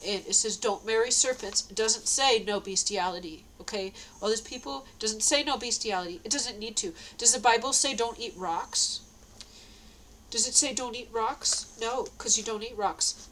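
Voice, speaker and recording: A woman's voice: on the high side, moderate pace, a bit bright, a little hiss or hum, low-quality recording. A woman talking straight to the camera in a casual, rambling monologue, repeating herself and laughing between lines. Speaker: vlogger.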